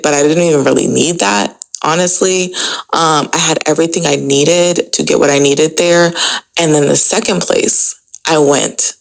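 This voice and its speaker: A woman's voice: deep voice, creaky, low-quality recording. A woman hosting a podcast, telling a personal story in a casual, chatty way, full of "like" and "you know". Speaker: podcast host.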